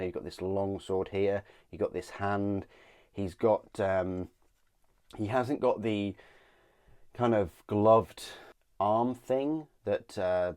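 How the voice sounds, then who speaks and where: Low-voiced hesitant man. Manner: hesitant, many ums and restarts, trailing off quietly. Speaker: miniatures reviewer. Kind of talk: casual product review.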